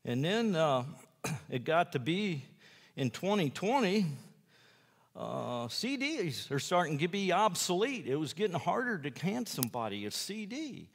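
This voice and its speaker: A man's voice: on the high side, big pitch swings, measured pace, gravelly, breathy edge, long reverb tail. A man who preaches in jails tells his personal testimony in a folksy, rambling way, acting out the lines of other people. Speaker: jail preacher.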